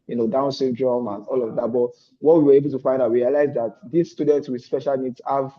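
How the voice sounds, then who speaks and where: A man's voice: medium pitch, fairly even intonation, fairly quick. A man giving a hesitant update on an online call, with many fillers. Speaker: fellowship student. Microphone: video call. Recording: dull lo-fi call audio.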